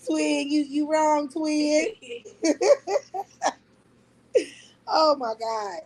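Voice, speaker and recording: Woman livestreamer, high voice, mocking, laughing, profane trash talk, casual rant. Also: fairly even intonation, extremely slow, pauses often, darkish tone, poor audio. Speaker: livestream host. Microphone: talking to a phone on a live stream.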